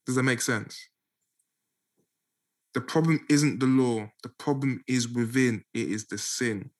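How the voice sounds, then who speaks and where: A man's voice: medium pitch, unhurried. A man preaching a casual Bible teaching, repeating key points and checking that listeners follow. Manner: conversational, repeats and emphasizes points.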